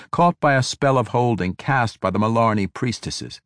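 Male audiobook narrator, low register, measured and dramatic, dry booth. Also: lively intonation, no room sound. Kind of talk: scripted fantasy narration.

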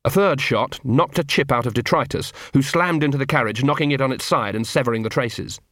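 A man giving scripted audiobook narration in an even, measured way. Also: medium pitch, no echo, clean studio sound.

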